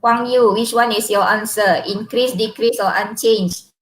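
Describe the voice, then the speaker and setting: A woman's voice: medium pitch, fairly even intonation, measured pace, slight background noise, poor audio. A middle-aged woman with a Malaysian accent teaching an online physics class, patiently repeating points and quizzing her students.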